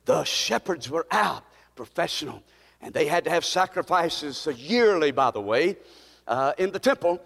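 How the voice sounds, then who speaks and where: A man preaching a sermon, his delivery rising from quiet storytelling to fervent, near-shouted peaks. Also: a little high, expressive, normal speed, creaky. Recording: long hall reverb.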